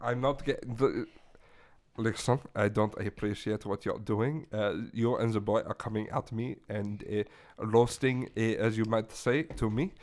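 A man voicing a touchy, washed-up French caller with a put-on French accent and halting, indignant broken English in a comedic call-in bit. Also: lowish voice, fairly even intonation, a little mellow.

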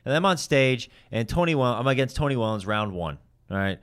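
Sex: man. Style: fast profane storytelling. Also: mid-range voice, animated, fairly bright tone, clean tone. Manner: fast, profane, heated retelling. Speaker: stand-up comedian. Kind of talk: casual storytelling.

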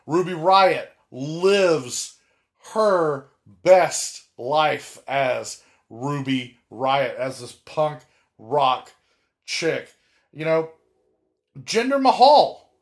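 Man, podcast co-host, casual wrestling chat, slightly high voice, emphatic drawn-out delivery. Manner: animated, emphatic, stretches words for effect; frequent restarts and fillers.

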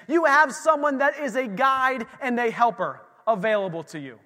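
In a church sanctuary with long hall reverb, a middle-aged preacher addresses the congregation in a very high, animated voice at normal speed, bright and forceful, hardly pausing. His sermon is loose and conversational, with small dialogue scenes acted out.

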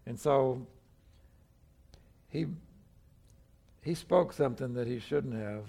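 Older male pastor with a gravelly voice, preaching in a loose conversational way, mid-range pitch. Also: slow, mellow. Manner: conversational preaching, acts out voices of people in the story. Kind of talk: sermon.

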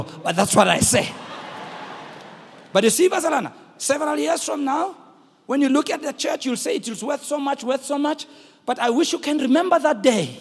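A middle-aged man with a South African accent preaching a sermon, telling a story and calling out to the congregation in shouted, sung-out bursts. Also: extremely high pitch, animated, normal speed, long reverb tail. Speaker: pastor.

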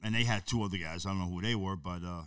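A man's voice: deep voice, quick pace, smooth, no echo, far from the mic. A man, telling stories bluntly and emphatically as a guest in a casual chat.

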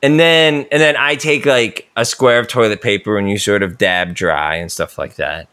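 Podcast co-host, man, relaxed conversational delivery, lots of "kinda" and "like". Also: on the low side, moderate pace, clear, resonant tone. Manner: laid-back, hedging with "kinda" and "like". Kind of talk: casual chat.

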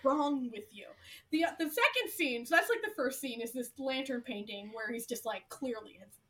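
A woman's voice: high-pitched, expressive, normal speed, pushed and bright. A woman co-hosting a casual podcast, gushing about a show, swearing freely and saying "like" a lot. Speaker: podcast co-host.

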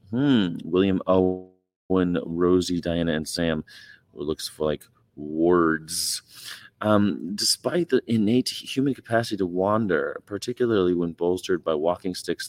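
Deep-voiced man chatting on a livestream. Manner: rambling, reads viewer comments aloud. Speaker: livestream host. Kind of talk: casual livestream chat.

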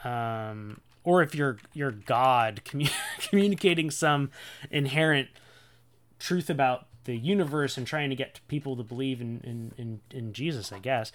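A man's voice: medium pitch, measured pace. A man hosting a casual podcast, chatty and laughing, with many fillers and restarts. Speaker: podcast host. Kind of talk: casual podcast talk on scripture.

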